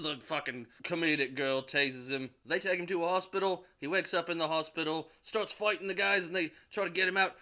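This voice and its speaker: A man's voice: fairly high pitch, fairly quick, hardly any pauses, pushed and bright. A young man recapping a movie plot in a casual, crude way, swearing constantly and now and then acting out a character's line. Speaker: movie reviewer recapping a film.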